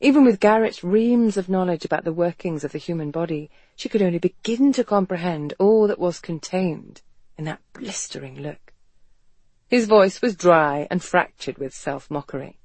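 An audiobook narrator giving an expressive, measured reading of a romance novel. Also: medium pitch, no echo. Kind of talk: scripted narration.

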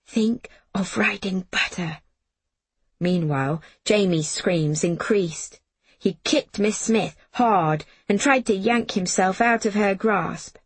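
A woman reading a first-person story aloud in a measured storybook narration. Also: medium pitch, husky, no room sound. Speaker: audiobook narrator.

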